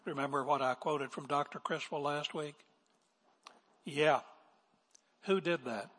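An older man preaching a sermon as pastor, swinging from emphatic declarations to hushed asides. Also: a little high, normal speed, breathy edge. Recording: long reverb of a large hall.

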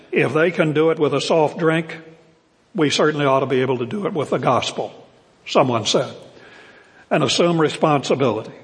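An older man preaches a sermon to his congregation, his voice sitting a little high for a man. He is earnest and emphatic, slowing down to lean on key words. The sound carries the long reverb of a church hall. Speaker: pastor. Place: church sanctuary.

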